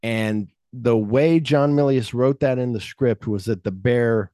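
A man's voice: medium pitch, unhurried, no room sound, clean studio sound. A man hosting a podcast in casual chat, retelling a film script and acting out the lines in a raised voice. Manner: animated storyteller, acts out quotes in a raised voice, swears often. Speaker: podcast host.

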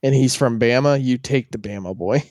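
A man's voice: medium pitch, normal speed, a little mellow, no echo, studio quality. A man co-hosting a casual sports chat, ranting animatedly and swearing freely. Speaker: podcast co-host.

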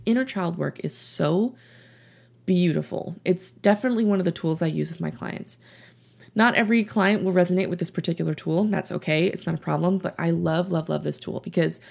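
Gentle woman coaching with a gravelly edge. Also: fairly low pitch. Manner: gentle, encouraging, reassuring. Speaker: podcast host and coach. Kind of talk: solo self-help podcast talk.

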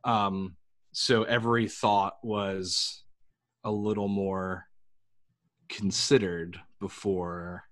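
A man from New York, a guest on a podcast, telling stories in an animated, casual way with frequent restarts. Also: low voice, extremely slow. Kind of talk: casual interview chat.

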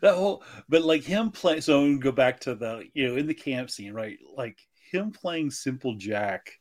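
A man's voice: medium pitch, expressive, moderate pace. A man co-hosting a casual movie podcast, rambling and acting out quotes with lots of laughter. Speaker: podcast co-host.

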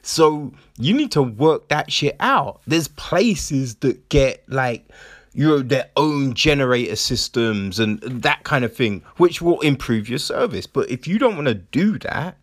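A man's voice: medium pitch, sing-song, unhurried, no echo, studio quality. A man hosting a podcast, ranting casually with heavy swearing and sarcastic mock voices. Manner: profane, sarcastic, mocking voices of others. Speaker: podcast host.

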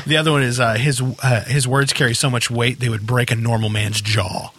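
A man's voice: mid-range voice, little pitch movement, fairly quick, fairly bright tone. A man chatting as a player at a tabletop game, telling an amused aside. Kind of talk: casual chat at a game table.

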